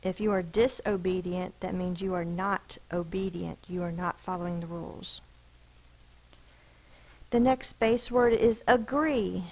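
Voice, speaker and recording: A woman's voice: fairly low pitch, measured pace, a little mellow, slightly rough, rough recording. A woman teacher giving a recorded spelling lesson, patiently explaining rules and sounding out each letter and syllable.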